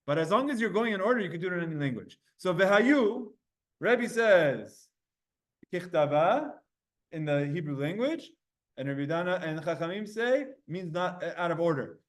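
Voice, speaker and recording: Leading a Talmud lesson, a man fires off explanations in short bursts, tests his students with questions and frequently starts sentences over. He sounds animated, with a high voice.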